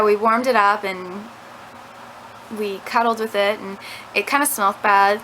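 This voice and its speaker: Young woman rambling to her camera at home, says like a lot, bright voice. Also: mid-range voice, a little hiss or hum, poor audio. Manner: chatty, rambling, lots of "like" fillers. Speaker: vlogger. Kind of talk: casual storytelling to camera. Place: at home indoors. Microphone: camera mic.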